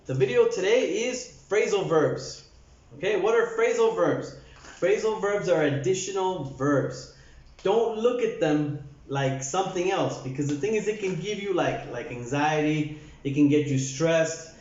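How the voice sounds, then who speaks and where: A man teaching an English lesson to Spanish speakers, speaking slowly and repeating words for practice. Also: sits high, lively intonation, darkish tone. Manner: slow, repeats words for drills. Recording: echoey, dull lo-fi room sound.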